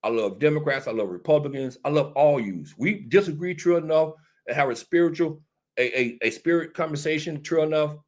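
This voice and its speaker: Man, talk host, casual political chat, emphatic, repeats himself, answers viewers, slightly high voice. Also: lively intonation, brisk, darkish tone. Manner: emphatic and repetitive, preachy. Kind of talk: casual political commentary talking to a live audience.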